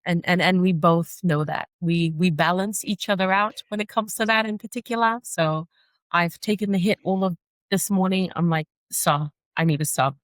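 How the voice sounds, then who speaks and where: A mother speaking earnestly as a podcast guest, reflective and frank, at times echoing questions in a higher voice. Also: moderate pace. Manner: earnest, reflective, often acts out her son's repeated questions in a higher voice. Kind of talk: candid interview conversation.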